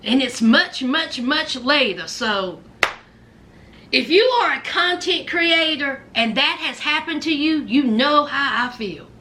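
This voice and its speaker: Brief: high-voiced woman, bright tone, sassy, animated reality-show reaction vlogger. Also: takes it slowly, a little hiss or hum. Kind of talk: casual reality-show commentary.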